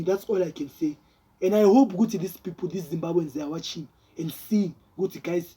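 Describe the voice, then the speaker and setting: A man's voice: high-pitched, normal speed, dark tone, slightly rough. A man doing heated, rambling reaction commentary, talking straight to his viewers. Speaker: vlogger.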